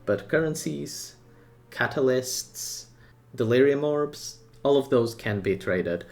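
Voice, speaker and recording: Excited man talking through game news. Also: medium pitch, slow, gravelly. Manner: excited, talks in short bursts with opinions and asides. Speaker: gaming content creator. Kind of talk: casual game update commentary.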